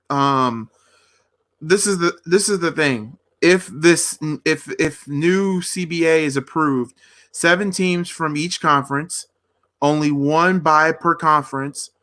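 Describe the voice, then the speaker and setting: A man's voice: on the high side, sharp tone. A man co-hosting a casual sports talk podcast, ranting in a heated way and reading notes off his phone. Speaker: podcast co-host.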